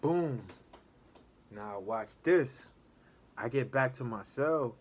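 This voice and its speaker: A man casually telling a story from his time in prison in a relaxed street manner, checking in with "know what I'm saying" again and again. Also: medium pitch, takes it slowly, slight background noise. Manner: laid-back street talk, keeps asking "know what I'm saying".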